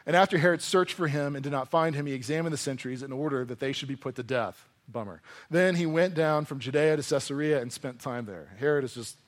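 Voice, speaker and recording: A man preaching a sermon to a congregation in a conversational, animated way, often acting out voices as he reads and explains scripture. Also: mid-range voice, fairly quick, hardly any pauses. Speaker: pastor. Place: church hall before a congregation.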